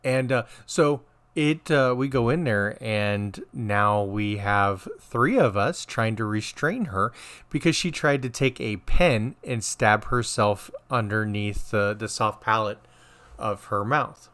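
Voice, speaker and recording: Taking his time, a middle-aged man, once a nurse and now a podcast co-host, recounts a story from work in loose chat. He restarts often and quotes others with animation, in a fairly low voice.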